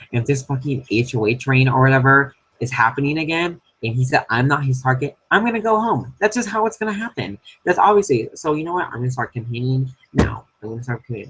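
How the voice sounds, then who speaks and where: A man's voice: mid-range voice, a bit bright, husky, rough recording. A man recording an angry, profanity-heavy confessional about being targeted in an online game. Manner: frustrated ranting with heavy swearing.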